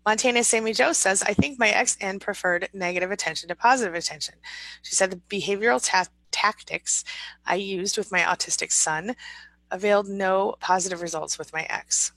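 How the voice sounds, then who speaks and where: Bright-voiced woman chatting with viewers. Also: medium pitch, brisk, dry recording, low-quality recording. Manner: chatty and encouraging, laughs often, reads viewer comments aloud. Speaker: livestream host reading chat. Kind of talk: casual livestream chat.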